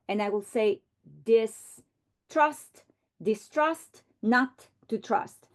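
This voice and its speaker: A woman teaching a reading lesson, modeling words slowly and deliberately. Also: mid-range voice. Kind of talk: instructional lesson.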